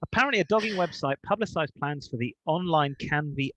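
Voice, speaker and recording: A man's voice: fairly high pitch, expressive, brisk, a bit bright, a little hiss or hum. A man hosting a car podcast, reading news stories with rambling, jokey asides. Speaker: podcast host.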